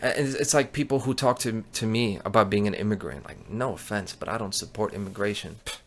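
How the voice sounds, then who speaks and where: Profane, ranting man with a low voice. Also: fairly quick, a bit bright. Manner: angry, profane, contemptuous. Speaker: show host. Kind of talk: ranting commentary.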